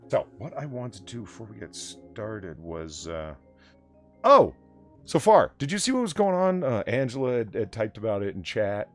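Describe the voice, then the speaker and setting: A man hosting a casual late-night livestream chat, rambling and swearing, laughing often. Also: lowish voice. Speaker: livestream host of a late-night bar hangout.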